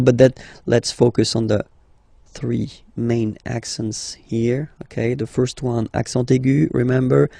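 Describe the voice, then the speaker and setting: A French teacher with a creaky, dark-toned, medium-pitched voice gives a language lesson. Patient and repetitive, he says words slowly and checks in with "okay?" after every point. The recording is dry and cleanly studio-produced.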